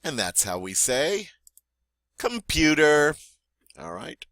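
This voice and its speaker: A man with a bright, forward voice runs a French vocabulary lesson, saying each word slowly and clearly and leaving room for students to repeat. His delivery is friendly and encouraging, with a lively, rising and falling pitch. The sound is dry and close, with no room echo. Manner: slow, deliberate model pronunciation with pauses for repeating. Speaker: French teacher.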